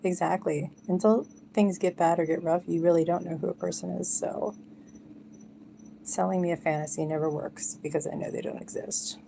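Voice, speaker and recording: A woman's voice: on the low side, steady tone, normal speed, creaky, dark tone, slight background noise. A woman chatting casually and candidly on a live stream from home, rambling from one thing to the next. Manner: rambling, candid, drifts into whispers at times. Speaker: livestreamer.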